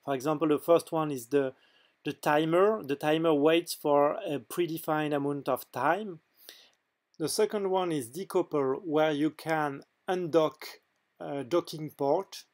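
A man with a French accent, French his first language, narrating a software demo in a hesitant way with frequent filler pauses. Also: on the high side. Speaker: game mod developer.

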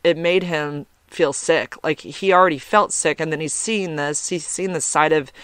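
Smooth-voiced man telling a story. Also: on the high side, moderate pace, fairly bright tone, no echo, studio quality. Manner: chatty, rambling, peppered with "like" and frank swearing. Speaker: podcast host. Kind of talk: casual personal storytelling.

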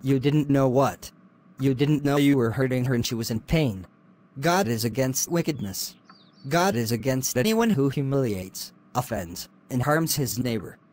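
A man's voice: medium pitch, lively intonation, moderate pace, darkish tone, lightly acted. A man voicing a stern lecturing father. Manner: solemn, lecturing. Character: stern moralizing father, preacher-like.

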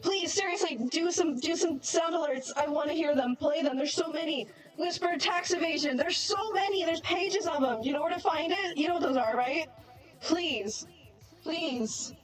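A woman's voice: very high voice, moderate pace, soft background music. A woman live-streaming a game and chatting casually with viewers, giggly and bubbly, flustered and self-deprecating, with a robot voice filter on. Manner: giggly and bubbly, laughs often.

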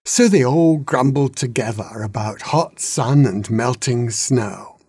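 A man reading a children's story aloud in an unhurried, gentle way. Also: mid-range voice, husky, dry recording, studio quality. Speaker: narrator.

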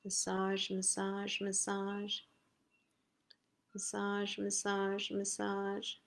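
A woman leading a live guided face massage session, giving slow, soothing step-by-step cues. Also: medium pitch, completely flat delivery, creaky. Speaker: self-care instructor.

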